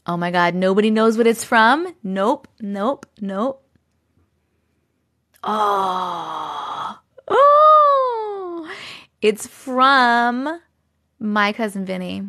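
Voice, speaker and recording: A livestream host in her home basement speaks in a mid-range voice, a little on the slow side, through a regular mic. She keeps things casual, laughs often, and reads viewers' comments out loud while thanking them.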